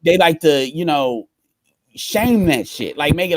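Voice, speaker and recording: A man's voice: fairly high pitch, big pitch swings, moderate pace, a little hiss or hum, poor audio. Blunt profane man hosting a stream. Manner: blunt, profane, repeats himself. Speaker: livestream host. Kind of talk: casual livestream talk.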